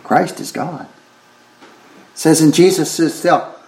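A man's voice: a little high, fairly even intonation, slow pace, darkish tone, echoey room. A man preaching a sermon with fervor, repeating phrases and exclaiming "oh my" as he goes.

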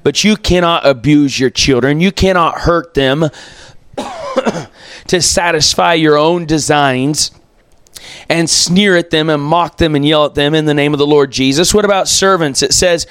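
A male pastor delivers a sermon in a fairly high, smooth and resonant voice, recorded close and dry. He preaches with emphasis, repeating key phrases to drive each point home. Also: animated, measured pace, a bit bright, dry recording.

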